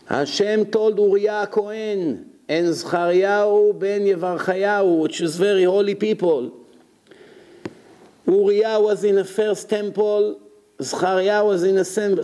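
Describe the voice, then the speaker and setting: A man delivers a Talmud lesson in the animated manner of a rabbi telling a story. His voice sits a touch high, and he keeps pausing to explain terms and to ask his listeners rhetorical questions. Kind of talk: Talmud lecture.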